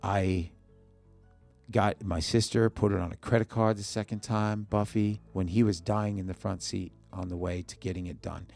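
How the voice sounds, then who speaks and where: A man's voice: on the low side, steady tone, moderate pace, creaky, a little mellow, soft background music. A man, a musician guest on a podcast in a studio, telling a personal story in short bursts and acting out the dialogue he quotes. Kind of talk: emotional personal storytelling in an interview.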